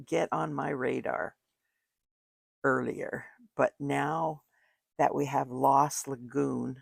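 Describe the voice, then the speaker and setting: A woman's voice: extremely low pitch, creaky, dry recording, studio quality. An older woman chatting casually as she makes a card at home, thinking aloud while she works. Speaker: card-making crafter. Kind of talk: casual crafting tutorial. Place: home craft room. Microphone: desk microphone.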